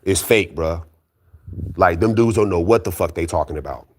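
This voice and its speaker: A man with a low voice rants straight to his audience about boxing. He is blunt and profane and keeps hammering the same points. His delivery is insistent and argumentative. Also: moderate pace. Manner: keeps calling out critics, insistent. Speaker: boxing commentary YouTuber. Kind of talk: heated solo rant.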